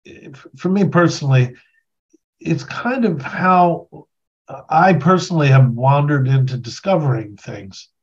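A man's voice: fairly high pitch, dull audio. A man hosting a podcast interview, speaking in a thoughtful, meandering way with self-deprecating laughs. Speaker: podcast host. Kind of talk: casual conversational interview.

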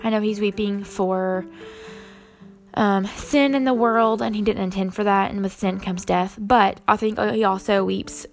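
A woman's voice: medium pitch, fairly even intonation, unhurried, faint music behind. A young woman and mother talking casually and earnestly to her viewers, with lots of ums. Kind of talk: casual faith vlog chat.

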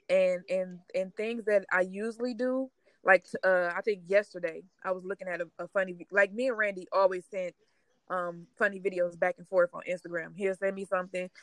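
A woman speaking in a halting, tearful way, sharing her grief in a casual conversation. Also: medium pitch, dry recording, rough recording. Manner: halting, tearful, trying not to cry. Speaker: grieving sister sharing her story.

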